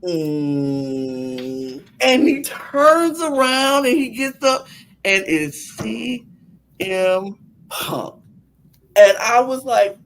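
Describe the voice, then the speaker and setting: A young woman on a podcast recapping a wrestling match in animated casual chat, acting out her own gasps and laughs. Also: sits high, slow pace, long pauses, rough recording. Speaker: podcast co-host.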